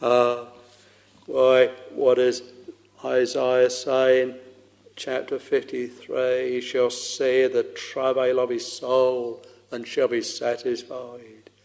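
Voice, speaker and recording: A man's voice: mid-range voice, completely flat delivery, slow pace, gravelly, a little mellow. A man preaching a sermon with old-style fervor, calling his listeners dear soul, sometimes swelling into a half-sung chant. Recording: long hall reverb.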